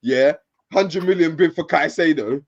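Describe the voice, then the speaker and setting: A man's voice: measured pace, creaky, a little mellow, highs cut off. A man co-hosting a football chat show, teasing and swaggering as he argues. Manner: swaggering, teasing, swings up and down in pitch. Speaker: football podcast co-host. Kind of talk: heated casual banter.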